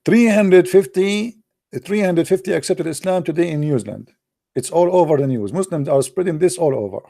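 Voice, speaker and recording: In a small room at home, a middle-aged man who isn't a native English speaker hosts a casual online commentary show, his dark, gravelly voice pitched fairly high. He's animated, fast and sarcastic, repeating words and circling back to "my friend." He sits close to a desk mic and the recording is dry.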